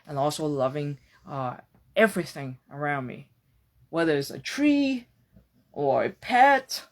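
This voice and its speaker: A woman hosting a podcast, talking through a reflective personal monologue in an earnest, searching way, casual and with the odd swear word. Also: low-pitched. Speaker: podcast host.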